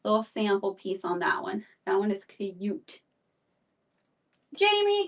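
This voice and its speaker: A woman's voice: medium pitch, sing-song, slow, far from the mic. A woman selling clothes on a live stream, chatting and rambling with fillers and repeats, a little out of breath. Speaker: live shopping seller. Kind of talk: live-stream sales chat.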